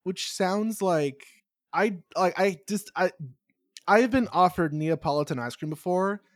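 A man's voice: high voice, measured pace, no room sound, studio quality. A man co-hosting a podcast in casual chat, teasing and joking, with plenty of swearing. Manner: jokey, profane, teasing. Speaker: podcast co-host.

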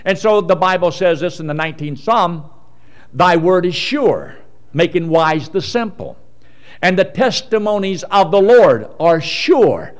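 Folksy preacher with lively swings. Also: male voice, measured pace. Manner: folksy, swings from loud emphasis to low asides. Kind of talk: sermon.

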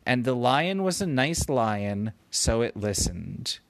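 Man telling an improvised bedtime story, unhurried, lively lilt, dry close mic. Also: mid-range voice, no echo. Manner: meandering, gently playful.

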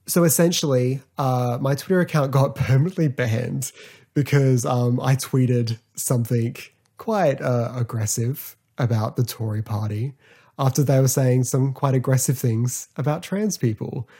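A man's voice: medium pitch, a little slow, dark tone, husky. A man hosting a podcast, chatting in a loose, rambling way about a TV show, full of fillers. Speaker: podcast host. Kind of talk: casual podcast review.

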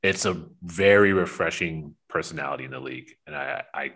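A man's voice: sits low, very animated, fairly quick, vocal fry, a bit bright. A man co-hosting a podcast, talking sports in an enthusiastic, rambling way. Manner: enthusiastic, rambling, laughs a lot. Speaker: podcast co-host. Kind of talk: casual sports chat.

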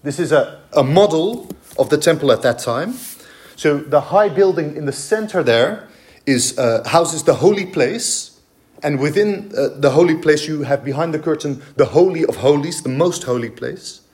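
A man's voice: on the high side, expressive, normal speed, a little mellow. A man preaching a sermon in a church, emphatic and explanatory, with frequent fillers and restarts. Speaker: pastor.

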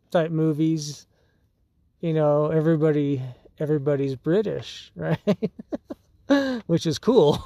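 A man talks through his solo podcast in a loose, rambling way, often breaking into laughter and restarting his sentences. His voice sits a little high for a man but has a dark, mellow tone. He speaks slowly, and the sound is dry and close. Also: creaky, no echo. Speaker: podcast host. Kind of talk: casual solo podcast monologue.

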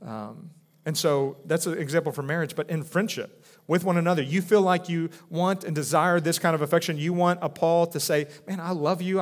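A man in his thirties preaching from the pulpit, his voice sitting a little high for a man. He talks in an earnest, conversational way, restarting phrases often and dropping softer when he voices quoted speech. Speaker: pastor. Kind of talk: sermon.

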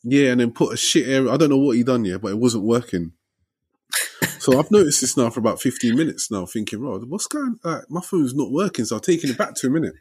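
Husky young man telling a story. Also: mid-range voice, fast. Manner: animated, slangy, tags lines with "innit" and "yeah". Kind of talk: casual storytelling chat.

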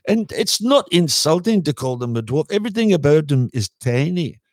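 A man's voice: fairly high pitch, sing-song, normal speed, a little mellow, dry recording, studio quality. A man, a podcast host, telling a long, rambling story in a casual pub chat, full of fillers and swearing.

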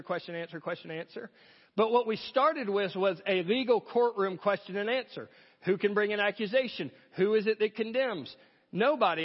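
A man's voice: high voice, husky, in a large hall, dull audio. A pastor delivering an earnest sermon, asking rhetorical questions as he preaches.

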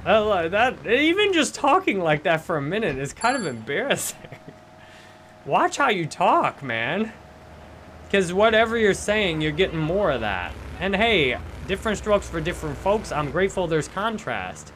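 A man's voice: sits high, very animated, normal speed, fairly bright tone, a little hiss or hum. A middle-aged man hosting a podcast, talking earnestly and cheerfully about positive living, laughing often and acting out complainers. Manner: earnest, upbeat, laughs often, acts out complainers in mock voices. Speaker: podcast host and life coach. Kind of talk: casual motivational monologue.

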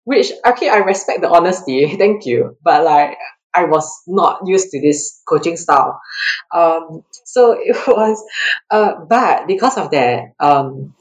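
In a low-quality recording, a female track athlete from Singapore, guesting on a casual interview, tells stories at a slightly slow pace. Animated and quick to laugh, she raises her pitch sharply when performing quoted lines.

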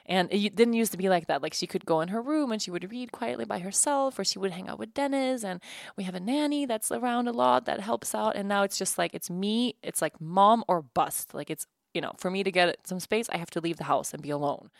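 A woman's voice: medium pitch, fairly quick, vocal fry, no room sound, studio quality. A woman in her thirties hosting her own podcast from home, talking candidly and casually, laughing often and restarting her sentences. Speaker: podcast host. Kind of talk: casual solo podcast chat.

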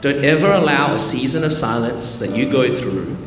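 A man's voice: mid-range voice, lively intonation, moderate pace. Man, pastor, humorous call-and-response sermon, echoey church, keys playing. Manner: joking, call-and-response, rising to loud preaching. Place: large church hall. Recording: echoey hall with keyboard music.

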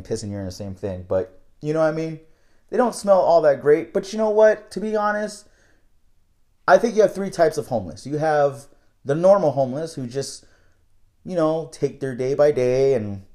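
A man's voice: fairly high pitch, darkish tone. A young man telling a casual, candid story about his night-shift work, rambling and swearing freely.

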